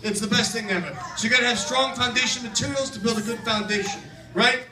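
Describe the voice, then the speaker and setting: A man playing a brash male construction foreman who teaches kids in a children's church skit, with a loud, bossy, tough-guy patter. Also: very high voice, quick pace. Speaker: kids' camp skit performer. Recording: echoey hall, far from mic, audience.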